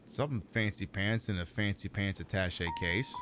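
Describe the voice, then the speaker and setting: A man commentating on a video game playthrough, jokey and profane, getting loud and excited at surprises. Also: fairly low pitch, moderate pace, hardly any pauses, faint music behind. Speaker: gameplay streamer. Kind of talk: let's-play commentary.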